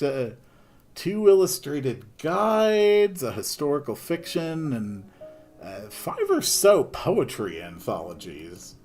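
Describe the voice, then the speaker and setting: A man's voice: fairly high pitch, exaggerated voice. A man doing a chatty folksy shopkeeper. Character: chatty friendly older male shopkeeper.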